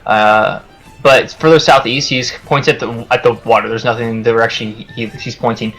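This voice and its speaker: A man's voice: medium pitch, steady tone, brisk, a bit bright, soft background music, poor audio. A man narrating a tabletop game as game master, describing scenes loosely with many fillers.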